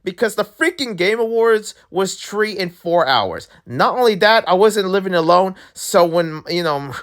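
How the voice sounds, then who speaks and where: A young man who makes gaming videos, talking straight to his viewers in a casual, excitable rant. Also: sits high, unhurried. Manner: animated, excitable, talks to viewers directly. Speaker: gaming YouTuber.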